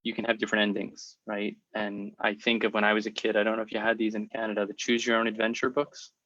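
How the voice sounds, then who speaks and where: Host, man, speech therapist, measured and thoughtful, muffled lo-fi sound. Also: lowish voice, monotone, pushed and bright, no room sound. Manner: thoughtful, measured, stretches words to stress a point. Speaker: podcast host, speech-language pathologist. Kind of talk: interview conversation. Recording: slightly dull lo-fi sound.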